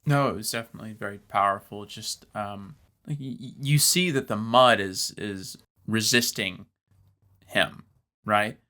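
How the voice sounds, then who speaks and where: A man's voice: on the low side, unhurried, bright, forceful tone. A man co-hosting a podcast in casual film discussion, reflective and hesitant with many fillers. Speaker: podcast co-host.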